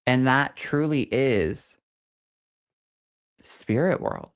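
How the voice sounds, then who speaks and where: A young adult man, a psychic medium co-hosting a podcast, telling stories in an animated, campy way. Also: mid-range voice, very slow, vocal fry. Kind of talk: casual podcast chat.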